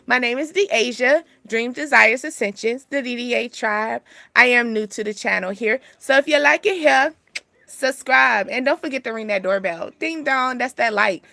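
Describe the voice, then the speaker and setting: A young woman hosting a casual spiritual reading, chatty and animated, laughing often. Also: on the high side, gravelly, dry recording. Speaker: spiritual channel host giving a reading.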